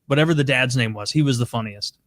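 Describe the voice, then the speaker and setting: A man's voice: mid-range voice, quick pace, fairly bright tone, no room sound, studio quality. A man co-hosting a podcast in a loose, laid-back casual chat. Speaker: podcast co-host.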